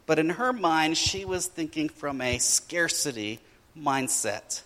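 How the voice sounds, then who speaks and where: A man preaching a sermon, telling a family story in an animated way and acting out his children's voices. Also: a little high, slow, big-room sound. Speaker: pastor.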